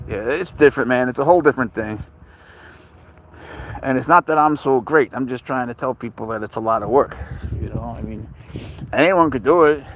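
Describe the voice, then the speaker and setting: A man's voice: medium pitch, slight background noise. A man hosting a casual livestream outdoors in a park. He rambles and answers viewer questions as he walks his cat, talking into a phone.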